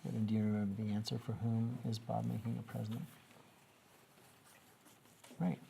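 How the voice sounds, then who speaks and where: A man's voice: on the low side, monotone, normal speed, vocal fry, dark tone, a little hiss or hum. A man teaching a grammar lesson to young students, patiently asking questions and coaxing answers.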